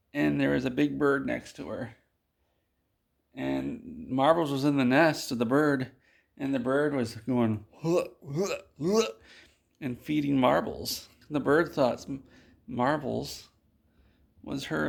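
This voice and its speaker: A man tells an absurd story in a flat, deadpan way, wandering and restarting as he goes. His voice has a gravelly, creaky edge and sits at an ordinary pitch for a man. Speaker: video host. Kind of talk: absurd tall-tale storytelling.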